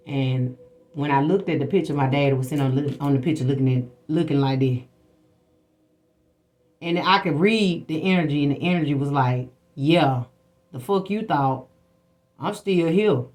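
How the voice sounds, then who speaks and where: A woman hosting a spiritual livestream, telling personal stories in a blunt, profane, preachy way. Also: deep voice. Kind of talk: casual spiritual talk to viewers.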